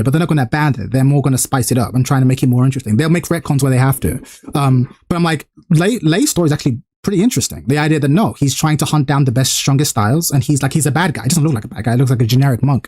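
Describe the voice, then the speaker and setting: Male streamer, casual reaction talk, excitable, profane. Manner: excited, profane, talks fast and gets louder and higher when hyped.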